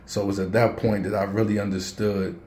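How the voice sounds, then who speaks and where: A man's voice: lowish voice, flat delivery, brisk, a little mellow, reverberant, a little hiss or hum. A man, telling a personal story and speaking to parents in a casual, earnest vlog. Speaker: vlogger.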